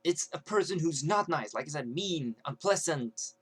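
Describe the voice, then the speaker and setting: A young man rants on his vlog in a rambling, unpolished way. He restarts sentences often and fills pauses with "like." His voice sits a little high for a man. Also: expressive, husky. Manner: rambling, many fillers and restarts. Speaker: vlogger. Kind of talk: ranting to camera.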